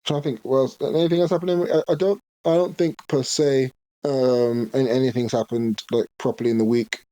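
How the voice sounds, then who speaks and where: A young man talking hesitantly in casual podcast chat, halting with fillers. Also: medium pitch, fairly even intonation, warm tone, no room sound. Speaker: podcast co-host.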